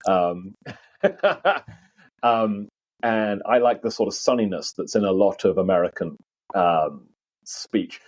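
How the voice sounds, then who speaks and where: Low-voiced British man, dry close sound. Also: lively intonation, slow pace, darkish tone, no room sound. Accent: British, softened by years in the US. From Britain. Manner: chatty and self-deprecating, with many fillers. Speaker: guest historian. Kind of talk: casual podcast conversation.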